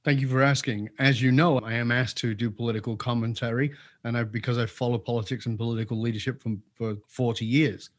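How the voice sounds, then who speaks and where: A man's voice: mid-range voice, steady tone, fast, dry recording, studio quality. A man as an interview guest giving opinionated commentary, emphatic and repeating key points for force.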